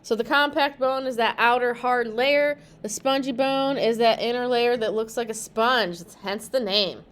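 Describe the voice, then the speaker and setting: A woman's voice: fairly high pitch, moderate pace, a bit bright, clear, resonant tone. A young woman teaching anatomy for massage exam prep, chatty and joking, laughing often between points. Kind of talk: casual classroom lecture.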